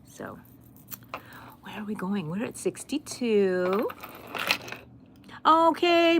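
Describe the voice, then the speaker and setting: A woman's voice: medium pitch, extremely slow, pauses often. Middle-aged woman hosting a casual crochet livestream, chatty and friendly with viewers, slight background hiss. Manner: chatty, warm with viewers, drawls "y'all", sudden excited squeals.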